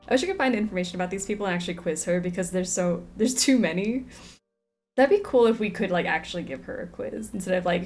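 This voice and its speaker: A woman's voice: medium pitch, fast, darkish tone, soft background music. A young woman streaming a game, reading in-game text aloud and chatting with viewers, a bit out of breath. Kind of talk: casual gameplay commentary and reading aloud.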